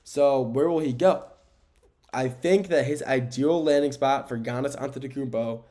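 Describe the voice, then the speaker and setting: Man, solo sports podcast host, mid pitch, casual and rambling, self-correcting, recorded indoors. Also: normal speed, dark tone. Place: indoor room with window blinds.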